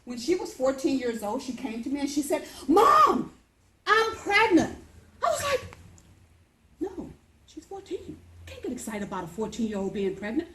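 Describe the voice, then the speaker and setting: A woman in her fifties telling a personal story as a speech, lively and acting out the voices. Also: brisk, reverberant, poor audio. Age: 50s. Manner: animated, acts out voices with big pitch jumps.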